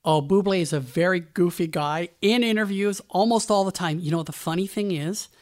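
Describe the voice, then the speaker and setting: A man's voice: sits high, normal speed. A man hosting a radio show, telling a backstage story in a chatty way with conversational asides. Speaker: radio host.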